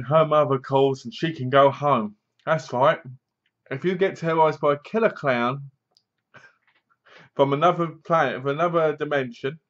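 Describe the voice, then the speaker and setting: A man's voice: mid-range voice, a bit bright, muffled recording. A man giving a casual spoken review of a film, rambling through the plot with dry, mocking remarks and acting out bits of scenes. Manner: rambling, acts out bits of scenes in funny voices.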